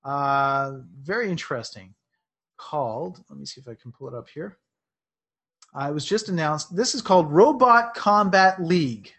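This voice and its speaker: High-voiced man presenting a news item. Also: lively intonation, moderate pace, fairly bright tone. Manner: brief reactions, then presents a news item. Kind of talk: casual chat.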